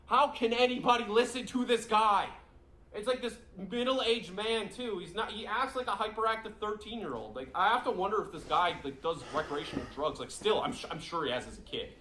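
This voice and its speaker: A man in his twenties ranting in scornful, insulting, excitable commentary. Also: sits high, a little fast, hardly any pauses, echoey room, a little hiss or hum. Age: 20s.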